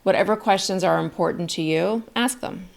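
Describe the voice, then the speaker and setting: A woman's voice: fairly low pitch, normal speed, vocal fry. A middle-aged woman coaching viewers on job interviews in an upbeat, encouraging, emphatic way. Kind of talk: direct-to-camera coaching lesson.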